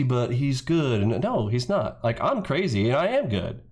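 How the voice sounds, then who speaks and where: A man's voice: sing-song, fairly quick. A man hosting a trading video, ranting in heated reaction commentary, mocking a rival and swearing freely. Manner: mimics his rival in shrill yells.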